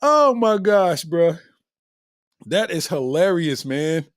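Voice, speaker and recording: A man's voice: a little high, slow pace, no room sound. Middle-aged guy doing comedy podcast stories, slangy, voice bouncing all over, dry close mic. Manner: animated, slangy, laughs between lines.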